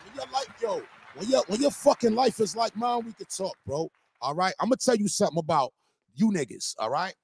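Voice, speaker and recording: A man's voice: high-pitched, animated, fairly quick, gravelly, breathy edge, no room sound, clean studio sound. A young man hosting a live song review, casual and profane, getting heated and confrontational. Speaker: music reviewer.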